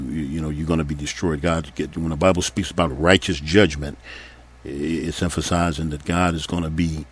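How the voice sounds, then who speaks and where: A man with an extremely deep, low voice teaches from the Bible in sermon style. He reads scripture passages aloud, then comments earnestly, repeating key points for emphasis. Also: slightly rough.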